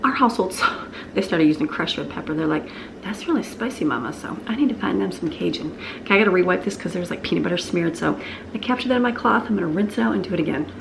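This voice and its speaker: A woman's voice: on the low side, fast talker, vocal fry, background noise. A woman, a homeschooling mom, chatting casually and cheerfully in a vlog from her home kitchen. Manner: upbeat, chatty, gushing.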